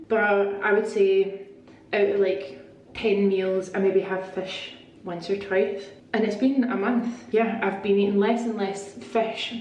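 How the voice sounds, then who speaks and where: A woman's voice: medium pitch, a little hiss or hum. Chatty woman vlogging in an echoey room. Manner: chatty, excitable, rambling asides. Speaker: beauty vlogger. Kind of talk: casual vlog chat. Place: at home, part of it in her bathroom. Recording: echoey room with faint ambience.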